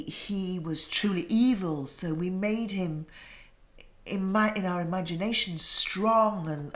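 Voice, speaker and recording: An older woman recalls past events in a documentary interview, telling it with emphatic feeling. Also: lowish voice. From Yorkshire. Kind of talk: recollection in an interview.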